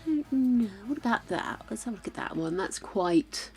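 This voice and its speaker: An older woman with a British accent chats casually while streaming a game, laughing often and muttering to herself as she plays. Her voice is fairly high, expressive and slightly mellow, at a moderate pace, over faint game music.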